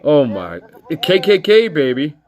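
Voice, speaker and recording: A man's voice: on the high side, very animated, a little slow, a little mellow. A man hosting a casual livestream chat, joking around and laughing between lines, sometimes dropping to a whisper. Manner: drops into breathy whispers at times. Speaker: livestream host.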